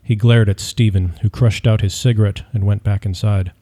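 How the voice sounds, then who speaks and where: A man reading a story aloud as narrator, in a steady, measured delivery. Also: lowish voice. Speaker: audiobook narrator. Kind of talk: scripted narration.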